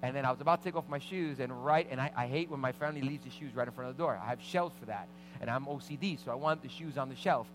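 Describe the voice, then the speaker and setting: A middle-aged man preaching as pastor, telling a lively personal story and acting out the voices of the people in it. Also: mid-range voice, fast talker, music in the background, rough recording. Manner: animated anecdotes with vivid quoted voices. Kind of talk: sermon storytelling.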